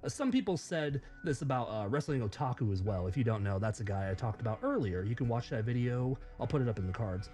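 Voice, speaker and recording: Sarcastic man with a lively, mocking voice. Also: mid-range voice, fast, few pauses, soft background music. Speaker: YouTube commentator. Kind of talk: scripted commentary reading.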